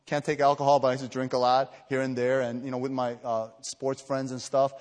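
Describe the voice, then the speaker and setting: A man from the Chicago area preaching an evening retreat sermon, earnest and emphatic, telling personal stories with many fillers and restarts, and growing louder and higher when stirred. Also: level tone, brisk. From Chicago area, USA. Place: retreat meeting hall. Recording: echoey hall reverb.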